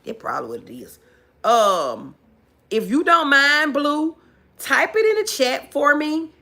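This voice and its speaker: Lively woman chatting on a livestream. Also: high voice, measured pace. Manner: chatty, calls viewers boo and baby. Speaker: livestream host. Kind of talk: casual live chat reading comments.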